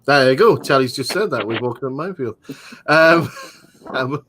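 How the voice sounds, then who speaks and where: A man's voice: mid-range voice, lively intonation, moderate pace, a bit bright, slight background noise, low-quality recording. A man hosting a live movie-watch commentary in a casual, jokey way, trailing off with fillers as he talks over the film.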